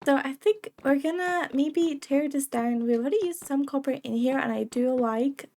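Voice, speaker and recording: Her voice is high and a little mellow, at a moderate pace, though a cold affects it. The young gaming video creator keeps up casual, giggly let's-play chatter and speaks to the game's creatures.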